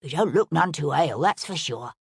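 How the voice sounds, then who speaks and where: A woman voicing a cheeky young servant boy with a rough, lower-class way of talking. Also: animated, a little fast, no room sound, clean studio sound, full character voice. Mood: defensive, eager.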